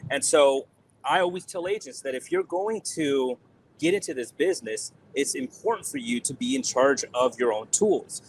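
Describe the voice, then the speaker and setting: A man's voice: medium pitch, lively intonation, normal speed, slight background noise, low-quality recording. A man who is a guest on a podcast, explaining his views in an emphatic, persuasive way over a video call. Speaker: podcast guest, insurance software expert. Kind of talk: casual podcast interview.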